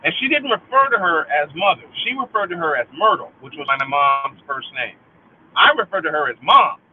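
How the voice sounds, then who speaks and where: Man, middle-aged, high-pitched, angry profane venting, repeats phrases, tinny phone-quality audio. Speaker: livestream host. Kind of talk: venting monologue.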